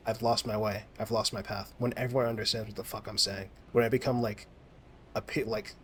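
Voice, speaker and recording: This American man, a gaming vlogger, speaks in a fairly low voice as he games, with a little hiss or hum in the recording. His monologue is casual and wandering, heavy on profanity, fillers and restarted sentences.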